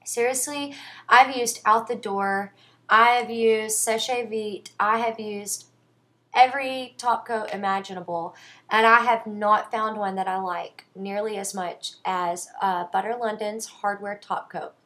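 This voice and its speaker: A young woman talks casually about her nail care products. She is chatty and enthusiastic and often says "um". Her pitch sits in an average range. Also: fairly even intonation, a little slow, pushed and bright. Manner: chatty and enthusiastic, frequent "um" fillers. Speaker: beauty vlogger.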